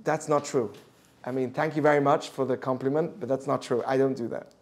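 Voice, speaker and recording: A man teaching a Jewish ethics class, animated, acting out the voices of the people he quotes. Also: mid-range voice, a little fast.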